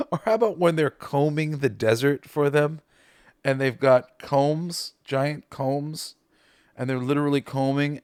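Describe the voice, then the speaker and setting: Excitable, profane man in a dry podcast booth. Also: mid-range voice, clear, resonant tone, dry recording. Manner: excited, profane, laughs while retelling scenes. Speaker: podcast host. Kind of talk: casual movie ranking chat.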